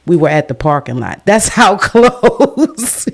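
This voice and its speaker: A woman's voice: mid-range voice, very animated, slow, a little hiss or hum. A woman podcast host speaks in an effusive, emotional way and leans on churchy phrasing. Her voice sits in an ordinary middle register. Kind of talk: casual chat.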